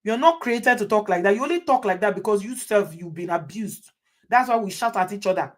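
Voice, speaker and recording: A woman's voice: mid-range voice, expressive, fairly quick. A woman hosting, giving advice to viewers in an emphatic way and repeating her points. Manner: emphatic, repeats phrases for effect. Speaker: host.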